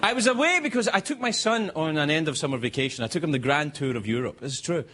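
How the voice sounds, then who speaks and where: A Scottish man hosting a late-night show, telling self-mocking stories in a stand-up monologue. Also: quick pace. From Scotland. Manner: animated, self-mocking storytelling with sudden high-pitched bursts. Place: television studio with live audience.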